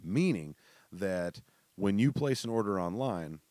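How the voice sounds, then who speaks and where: Young guy with a real deep voice, swearing and laughing through his stories, dry close sound. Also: lively intonation, a little slow, a little mellow, no echo. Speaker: storyteller. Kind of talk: casual storytelling.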